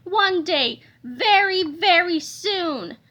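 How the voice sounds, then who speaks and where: A woman's voice: very high voice, lively intonation, extremely slow, bright, forceful tone, heavily acted. A woman voicing a grumpy, mean old male school principal in a storybook reading. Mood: menacing.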